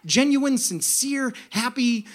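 A man telling a comic story live on stage in an animated, profane way. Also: extremely high pitch, slow pace.

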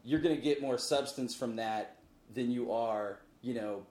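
A man talking casually as a podcast guest, animated and jokey, breaking into silly voices. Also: mid-range voice, measured pace, echoey room. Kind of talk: casual chat. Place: podcast studio.

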